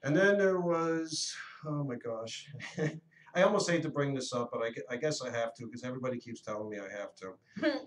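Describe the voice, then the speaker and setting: Animated man in his fifties, roomy sound. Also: medium pitch, moderate pace. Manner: animated, earnest storyteller. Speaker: radio show host. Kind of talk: casual storytelling on a talk radio show. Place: radio studio. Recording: roomy echo, mic at a distance.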